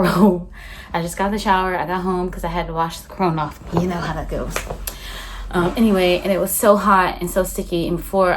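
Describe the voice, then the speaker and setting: A woman's voice: lowish voice, a little hiss or hum. A young woman chatting casually to her phone camera in a rambling vlog, full of fillers. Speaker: vlogger. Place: outdoors on a walk, then at home.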